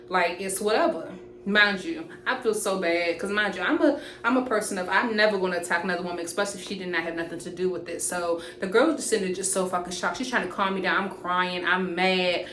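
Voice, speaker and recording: A young woman, casually telling an animated, profane storytime to camera. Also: mid-range voice. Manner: animated, profane, jumps into quoted voices. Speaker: storytime vlogger. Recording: roomy echoey room with faint hiss.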